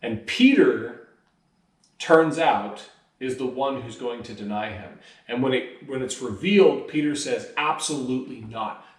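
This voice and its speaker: A man's voice: medium pitch, expressive, unhurried. A man preaching a conversational sermon, telling a story in a casual, everyday way. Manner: casual storytelling, voices quoted lines animatedly. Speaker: pastor. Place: church. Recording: roomy, picked up from a distance.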